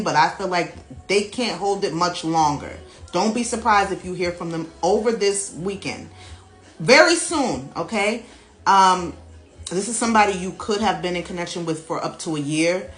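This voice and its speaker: A woman reading tarot cards for her viewers in a casual, animated, chatty way, laughing often and speaking straight to them. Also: fairly low pitch. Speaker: tarot reader. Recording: echoey room with faint music behind.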